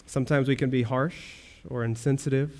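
A man's voice: mid-range voice, steady tone, a little fast, a little mellow. A man pastor preaching a sermon, earnest, with rhetorical questions and rising swells of emphasis.

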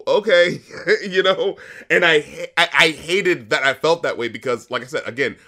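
A man co-hosting a casual music review chat, excitable, swearing often and filling with "like" and "uh". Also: a little high, normal speed. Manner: excitable, swears a lot, many fillers. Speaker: music review podcast co-host.

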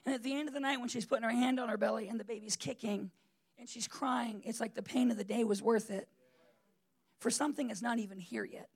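A man's voice: extremely high pitch, steady tone, fast, husky. A man preaching a sermon in a conversational, emphatic way, with frequent fillers and restarts.

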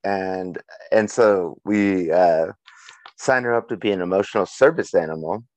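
Young male co-host, low voice, dry close sound, chatty storyteller who laughs a lot. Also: unhurried, no room sound. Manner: laughs through a storytelling rant. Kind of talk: casual chat.

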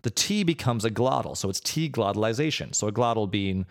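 A man with a fairly low voice co-hosts a relaxed podcast conversation. He explains things at length, restarting sentences and filling pauses as he goes. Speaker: podcast co-host. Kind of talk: casual chat.

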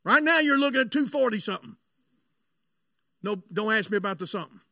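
High, gravelly preacher man. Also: expressive, quick pace, dry recording. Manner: fervent, swings between shouted preaching and hushed confiding storytelling. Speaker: pastor. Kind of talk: sermon with personal storytelling.

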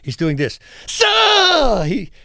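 A man telling lively stories and acting them out in a casual chat, laughing often. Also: mid-range voice, a little fast, dry recording, studio quality. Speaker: guest, former fighter and actor. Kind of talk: casual storytelling.

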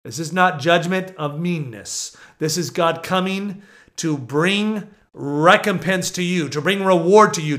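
Middle-aged male preacher, high voice, fervent delivery that drops to near-whispers. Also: measured pace. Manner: fervent, swings from loud proclaiming to hushed. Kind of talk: sermon.

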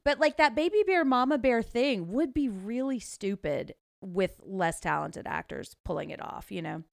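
A woman's voice: fairly high pitch, expressive, gravelly, no echo, clean studio sound. A woman co-hosting a casual film podcast, talking enthusiastically with lots of "like" fillers. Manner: enthusiastic, fast-flowing, heavy use of "like". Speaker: podcast co-host.

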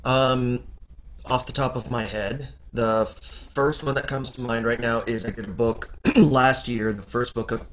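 A man's voice: medium pitch, unhurried. A man from Canada, an audiobook narrator, chatting as a guest and telling stories with lots of restarts. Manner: rambling, many restarts, animated when telling stories. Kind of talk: casual interview chat.

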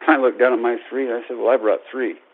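A man in his thirties, a baseball coach, telling a lively personal story to an audience and acting out the voices in it. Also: mid-range voice, quick pace. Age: 30s. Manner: animated, acts out quoted voices. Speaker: baseball coach and public speaker. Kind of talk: storytelling speech. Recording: tinny phone-like radio broadcast.

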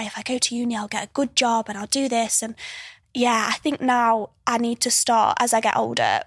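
Chatty young woman with a husky voice. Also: fairly high pitch, no echo, clean studio sound. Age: early 20s. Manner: chatty storyteller, laughs often, restarts mid-sentence. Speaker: podcast guest. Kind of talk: casual chat.

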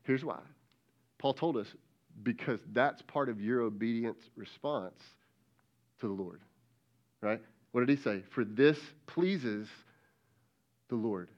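A man's voice: mid-range voice, slow, pauses often, darkish tone, dull audio. A middle-aged man, a lead pastor, preaching a conversational sermon and calling out directly to kids and students.

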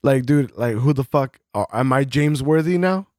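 A man's voice: mid-range voice, lively intonation, normal speed, darkish tone, dry recording. Sarcastic, swearing man, dry sound. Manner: profane, sarcastic, chiming in. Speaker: podcast co-host. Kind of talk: casual beer podcast chat.

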